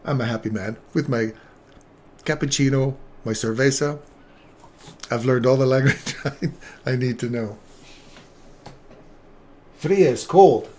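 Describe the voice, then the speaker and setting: Man, stream host, chatty and jokey, mid-pitched voice, faint background hiss. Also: steady tone, normal speed, pauses often. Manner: chatty, jokey, greets viewers by name. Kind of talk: casual live-stream chat.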